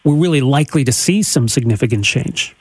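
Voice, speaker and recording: Husky-voiced male radio host asking questions. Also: mid-range voice, animated, a little fast, no room sound. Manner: prompting questions, conversational. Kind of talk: radio interview.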